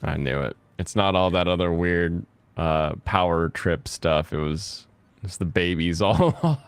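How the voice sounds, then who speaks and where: A man's voice: sits low, lively intonation, measured pace, clear, resonant tone, no room sound. A man hosting a casual online chat show, joking around and laughing often. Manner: jokey, laughs often, does silly voices. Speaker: host.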